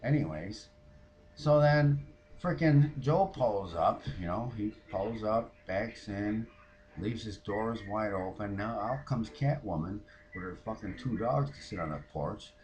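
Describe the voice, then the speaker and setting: A man's voice: on the low side, expressive, measured pace, darkish tone, highs cut off, slight background noise. A man playing a foul-mouthed, fed-up woman who rants about her neighbors in a comic monologue. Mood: griping. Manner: profane, ranting, mimics others.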